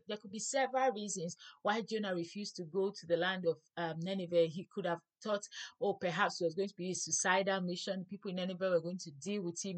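A woman leading a Bible study, reading scripture aloud and explaining it plainly, sometimes correcting herself as she goes. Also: medium pitch.

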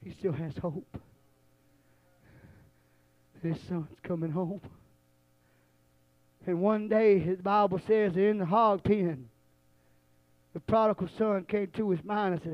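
A male preacher, telling a story in a sermon and building from low storytelling to shouted, drawn-out, repeated lines. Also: steady tone, no echo, dull audio.

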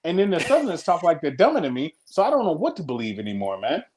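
A man's voice: on the high side, wildly swooping pitch, fast talker, darkish tone, a little hiss or hum. A man from the US Northeast co-hosting a podcast, telling stories with jokes and lots of swearing. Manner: profane, joking storytelling. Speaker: podcast co-host. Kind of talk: casual chat.

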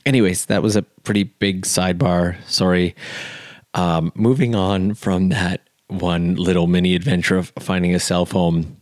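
A man from Canada, hosting a podcast and telling a story in a relaxed, chatty way full of "like" and "um". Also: deep voice, moderate pace, no echo. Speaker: podcast host. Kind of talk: casual storytelling.

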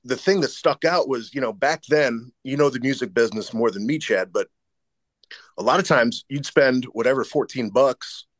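A man's voice: medium pitch, moderate pace, no room sound. A man who is a guest and longtime fan in a casual interview, earnest and grateful.

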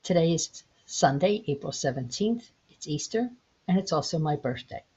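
A woman in her sixties hosting her own podcast, gently telling a parable in an unhurried, reflective way. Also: low-pitched, lively intonation, slightly rough. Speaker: podcast host. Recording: dull lo-fi home recording.

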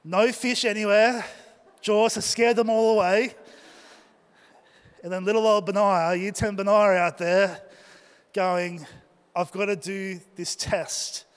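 A man's voice: high voice, steady tone, unhurried, long pauses, clear, resonant tone. A young man preaching, telling a personal story and asking his congregation questions. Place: church hall. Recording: long hall reverb.

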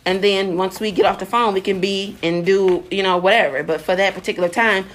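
A woman's voice: mid-range voice, steady tone, brisk, a little hiss or hum. A woman co-hosting a casual chat, blunt and profane, often laughing and repeating words as she starts a sentence.

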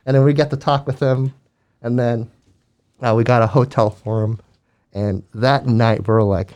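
A man's voice: mid-range voice, normal speed. A man earnestly telling a faith story in casual conversation, acting out the quotes. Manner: earnest, animated retelling with acted quotes. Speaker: guest telling a ministry story.

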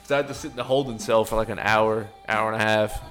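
A man's voice: on the low side, steady tone, quick pace, fairly bright tone, soft background music. A young man, telling a wild story on a podcast with lots of swearing and acted-out quotes. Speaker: podcast co-host. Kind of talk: casual storytelling chat.

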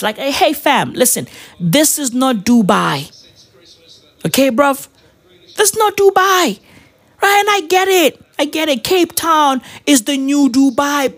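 Guy ranting on his vlog, gravelly voice, swears nonstop, rambles with loads of slang. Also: very high-pitched. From South Africa. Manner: rambling, slangy, swears constantly, many fillers. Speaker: vlogger. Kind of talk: profane ranting commentary.

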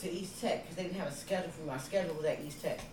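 A woman tells her side of the story in casual podcast chat, very fast and matter-of-fact. Her voice sits a little low and rings in an echoey room with faint noise. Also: crowd noise.

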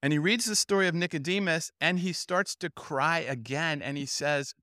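A man's voice: on the high side, moderate pace, few pauses, pushed and bright, no echo, studio quality. A middle-aged man telling a story in a sermon at a youth Bible camp, acting out the quoted voices as he goes.

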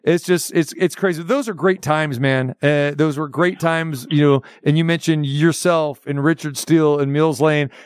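A man's voice: fairly high pitch, steady tone, moderate pace, hardly any pauses, smooth, no echo, clean studio sound. A man hosting a boxing radio show, asking loose, rambling questions full of fillers. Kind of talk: casual radio interview.

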